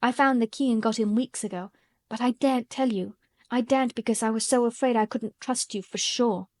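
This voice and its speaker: A woman's voice: on the high side, a little fast, a little mellow, no room sound, clean studio sound, lightly acted. A woman voicing a stubborn little girl who speaks frankly and plainly. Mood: blunt.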